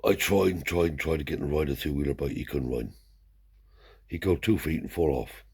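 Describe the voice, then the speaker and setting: The storytelling rambles on from an older Romany man whose very deep, somewhat dark voice moves briskly with a breathy quality. His broad dialect is laced with swearing and frequent "see?".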